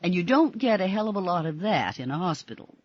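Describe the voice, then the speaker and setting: A woman's voice: on the low side, big pitch swings, quick pace, a little mellow, breathy edge, dry recording, lo-fi sound, pitched above the performer's own voice. A woman voicing a jovial, indulgent middle-aged male doctor. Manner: hearty, indulgent.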